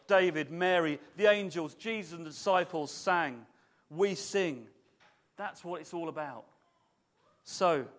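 High-voiced, animated preacher. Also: male voice. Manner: animated, chatty, asks the congregation questions. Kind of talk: sermon.

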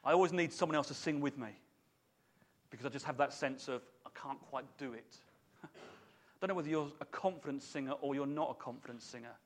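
A man preaching a sermon to a congregation in a lively, chatty way, putting questions to his listeners. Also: a little high, fast talker, pauses often.

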